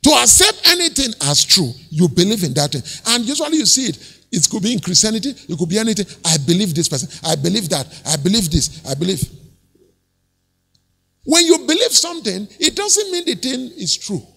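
A male pastor preaching an animated sermon, acting out quoted voices and chuckling often. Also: high voice, brisk, vocal fry, breathy edge, big-room sound.

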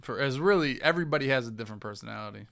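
A man's voice: mid-range voice, expressive, rapid-fire, creaky, a bit bright. A young man hosting a gaming podcast, chatting casually with loose, joking trash talk. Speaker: podcast host. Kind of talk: casual chat while streaming.

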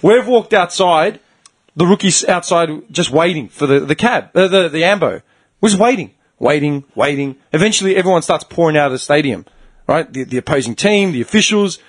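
A man's voice: a little high, a little fast. A man, hosting a podcast and telling a heated story in casual chat, swearing freely and acting out what people said. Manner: animated, profane ranting storyteller, acts out quotes. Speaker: podcast host.

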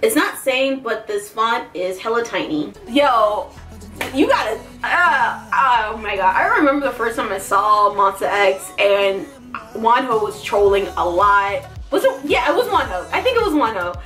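Giddy high-voiced woman reacting. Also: animated, measured pace, a bit bright, faint music behind. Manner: giddy, gushing, laughs a lot, cries out. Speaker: YouTube reaction vlogger. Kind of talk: excited reaction commentary.

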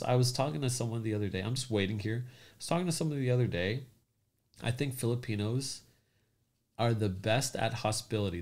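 A man's voice: on the low side, a little mellow. A man hosting a crypto livestream in a casual chat, loosely joking and greeting commenters by name.

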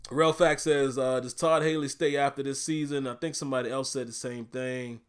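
A man's voice: mid-range voice, fairly even intonation, fairly quick, clean tone. A man with a Southern US accent hosting a casual livestream, reading viewer comments aloud in a laid-back, chatty way and laughing often. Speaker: YouTube livestream host.

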